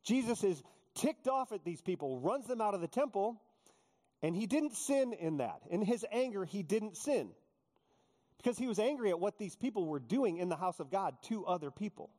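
A male pastor preaching a sermon, joking with the congregation and acting out quotes in animated storytelling. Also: high-pitched, normal speed. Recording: long hall reverb.

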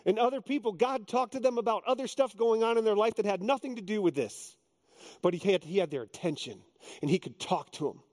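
A middle-aged male pastor delivering a sermon in a somewhat high voice. He talks earnestly, drops low and quiet for reflection, then climbs into emphatic, lively exhortation. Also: a little fast.

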